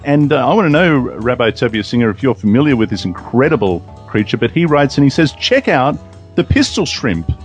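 A man's voice: medium pitch, sing-song, a little fast, faint music behind. An Australian man hosting a podcast in casual chat, upbeat and jokey. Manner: upbeat, jokey, laughs easily. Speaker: podcast host.

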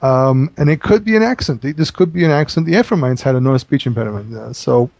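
A man's voice: medium pitch, lively intonation, creaky, darkish tone, dry recording, dull audio. A man teaching in a conversational Bible study, explaining at length with frequent halts and restarts. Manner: halting, many restarts while explaining.

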